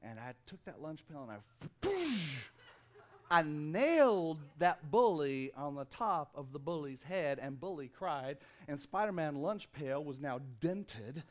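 A man preaching on a stage microphone in a church, his voice sitting noticeably high. He drives his sermon with rhythmic, emphatic lines and drops in easy humor between the points. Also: sing-song, takes it slowly, a little hiss or hum. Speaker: pastor. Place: church auditorium.

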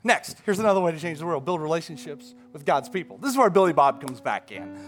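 A man's voice: on the high side, big pitch swings, fast talker, soft background music. A male pastor preaching a sermon in a church, emphatic and building to fervent declarations. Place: church sanctuary.

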